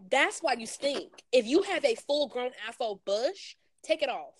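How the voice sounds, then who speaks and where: A woman's voice: high voice, big pitch swings, a little slow, hardly any pauses, no room sound, studio quality. A woman, ranting bluntly and casually in slangy podcast chat. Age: 20s. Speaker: podcast co-host.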